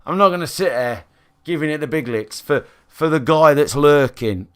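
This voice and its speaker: A man's voice: on the high side, expressive, moderate pace, a bit bright, clean tone. A man, chatting bluntly and rambling to his live stream viewers from his own room. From England. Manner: blunt and sweary, rambling with restarts and fillers. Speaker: game streamer.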